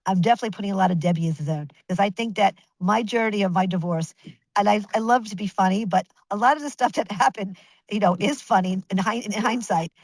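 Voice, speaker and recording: Chatty, animated middle-aged woman storyteller. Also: mid-range voice, fast talker, dry recording, poor audio. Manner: animated, chatty, with many restarts and acted-out quotes. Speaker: guest. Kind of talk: casual storytelling interview.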